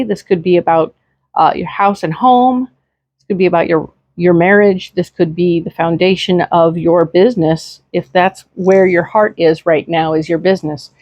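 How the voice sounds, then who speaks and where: A woman's voice: fairly low pitch, a little mellow, no room sound, lo-fi sound. A woman giving a casual tarot reading in a chatty, reassuring way, with many fillers and tag questions, speaking into a desk microphone. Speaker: tarot reader.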